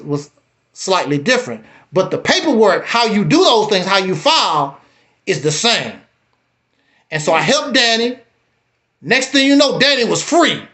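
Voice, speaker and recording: Speaking in a high voice, this man animatedly recounts his own story during a live stream, going over the same points again. Eventually he turns and bluntly challenges the other person talking.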